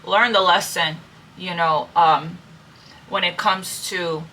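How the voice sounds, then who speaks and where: A woman with a lowish, bright, forceful voice gives a casual tarot reading. She talks earnestly and repeats her points, calling her listeners family and checking in often. A faint hiss of room noise sits under her voice. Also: steady tone, takes it slowly. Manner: earnest, repetitive, checks in with "okay?" and "right?". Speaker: tarot reader. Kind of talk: casual spiritual advice monologue.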